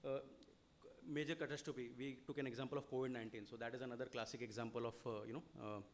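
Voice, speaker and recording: A man's voice: mid-range voice, flat delivery, a little hiss or hum. A man with an Indian English accent giving a seminar lecture, explaining at length and checking in with "okay?". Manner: rapid, explanatory, frequent "you know" and "okay?". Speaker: lecturer on audit reporting.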